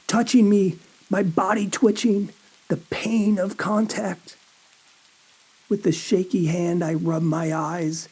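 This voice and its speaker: A man reads a first-person horror tale aloud at a crawling pace. His tone is dark and mellow, brooding and uneasy as he narrates. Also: high-pitched.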